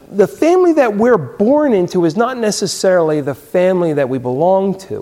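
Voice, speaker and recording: A man's voice: fairly high pitch, a little mellow, long reverb tail. A man giving a sermon in a casual, conversational way, often checking in with the listeners. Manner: conversational, tags lines with "right?" and "you know". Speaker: pastor.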